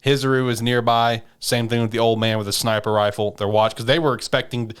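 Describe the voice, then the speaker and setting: A man's voice: mid-range voice, fairly even intonation, a little fast, clear, resonant tone. A man hosting a podcast, casually retelling an anime episode in a rambling way with lots of fillers and swearing. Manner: rambling, filler-heavy storytelling with profanity. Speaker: podcast host.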